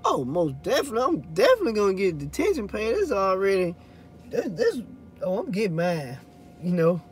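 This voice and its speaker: High-voiced rambling trucker. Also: male voice, wildly swooping pitch, brisk, slight background noise. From Louisiana. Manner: loose and rambling, swears when annoyed. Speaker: hotshot truck driver. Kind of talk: casual vlog chat answering viewers.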